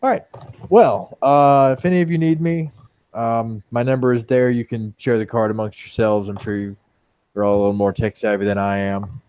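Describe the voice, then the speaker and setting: A man playing a broke newcomer who makes dry, deadpan jokes in a tabletop game. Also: medium pitch, normal speed, clear, resonant tone, close to an everyday voice. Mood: wry.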